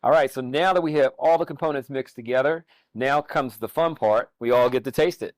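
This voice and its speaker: A man's voice: mid-range voice, brisk, no room sound. A man demonstrating a recipe as a chef, talking easily with many fillers and restarts. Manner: relaxed, hesitant with fillers and restarts. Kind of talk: cooking demonstration.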